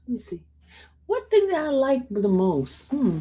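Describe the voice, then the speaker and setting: A woman's voice: sits high, sing-song, unhurried, mellow, breathy edge. A woman hosting a casual livestream, reading viewer comments aloud and chatting with her dog. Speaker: livestream host answering viewer questions. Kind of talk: casual live chat with viewers.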